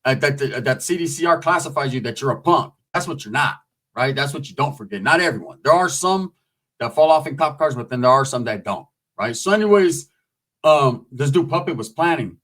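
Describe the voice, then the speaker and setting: A medium-pitched man talks briskly as he recounts prison life in a long, casual story. His speech is streetwise and profane, and he animatedly acts out the quotes.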